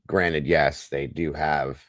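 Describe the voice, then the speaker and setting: Man, very deep voice, gravelly, dry close mic, casual live chat, has the hiccups. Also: fairly even intonation, takes it slowly, a bit bright, no room sound. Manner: chatty, addresses viewers as guys. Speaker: live stream host.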